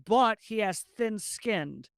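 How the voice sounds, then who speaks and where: A game master narrating a tabletop game in a rambling, quick way with many restarts, close to the mic. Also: medium pitch, expressive, gravelly, clear, resonant tone, no room sound.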